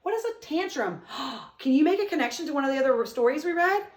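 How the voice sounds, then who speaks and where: A woman teacher giving an online lesson to young children, reading a poem aloud with slow, expressive emphasis. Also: high voice, echoey room, distant mic.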